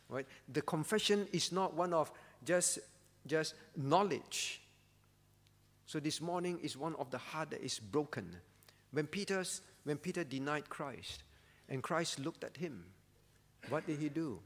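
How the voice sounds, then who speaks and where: A man preaching a sermon as pastor, earnest and pleading, often sinking to a soft voice. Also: a little high, expressive, a little slow, long reverb tail. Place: church.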